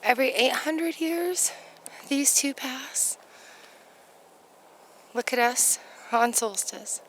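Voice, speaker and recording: A woman's voice: sits high, animated, slow pace. A woman hosting her channel, filming outdoors at night and gushing in awe, at times dropping to a whisper. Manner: gushing, awestruck, drops to whispers. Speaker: tarot channel host. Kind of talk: excited outdoor vlog.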